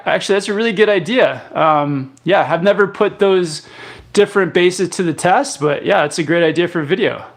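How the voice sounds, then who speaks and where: A young man from Canada hosting a live stream, casually reading viewer comments aloud and answering with lots of fillers and restarts. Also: high voice. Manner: relaxed, rambling, many fillers and restarts. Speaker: live chat host.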